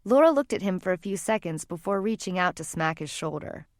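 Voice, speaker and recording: Calm woman reading an audiobook. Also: on the low side, a little fast, no room sound, clean studio sound. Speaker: audiobook narrator. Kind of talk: scripted narration.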